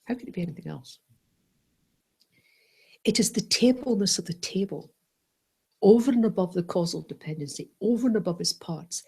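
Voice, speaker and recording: A woman teaching a Buddhist class, playful and animated, often checking in with "right?" and "yes?". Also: medium pitch, normal speed, gravelly, pauses often, slightly rough.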